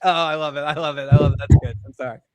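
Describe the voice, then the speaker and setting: A man co-hosting a casual TV recap, excitable, laughing often and acting out characters' lines. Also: fairly high pitch, rapid-fire, smooth, dry recording. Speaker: podcast co-host.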